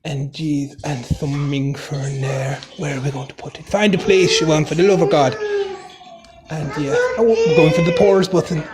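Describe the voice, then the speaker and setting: A man's voice: a little high, big pitch swings, normal speed, heavy background noise. A man putting on an Irish accent to narrate a silent craft video as a wry, chuckling commentator. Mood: amused. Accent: put-on Irish. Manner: wry running commentary, chuckling, mutters "Jesus" a lot. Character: jokey male narrator with a put-on Irish lilt. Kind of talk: mock silent-movie voiceover.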